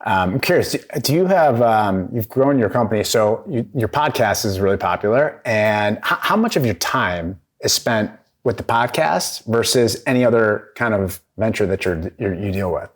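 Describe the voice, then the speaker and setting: A man's voice: fairly low pitch, expressive, moderate pace, few pauses. A man hosting an interview, asking long, thoughtful, rambling questions. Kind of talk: casual interview.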